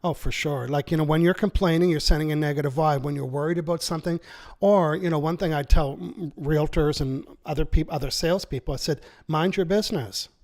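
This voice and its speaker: A Canadian man, an author and seminar speaker, lays out his ideas in an interview. His delivery is energetic and persuasive, with acted-out quotes, and his fairly high voice moves at a brisk clip.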